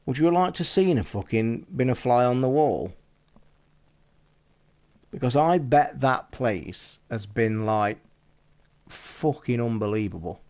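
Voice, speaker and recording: A British man chatting casually on a live stream, talking to his viewers in an excitable, rushed way and swearing constantly. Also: medium pitch. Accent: British English. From United Kingdom.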